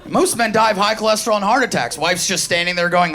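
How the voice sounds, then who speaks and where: High-voiced and animated, a Queens native talks fast with few pauses through a brash, foul-mouthed stand-up act before a live audience. He has a New York accent, impersonates the people he quotes, and the crowd's laughter is audible throughout.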